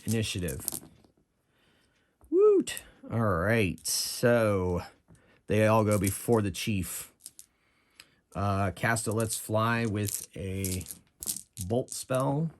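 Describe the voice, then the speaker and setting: A man's voice: lowish voice, takes it slowly, slight background noise. A man running and narrating his own solo tabletop game, chatting and thinking aloud about rules and dice rolls.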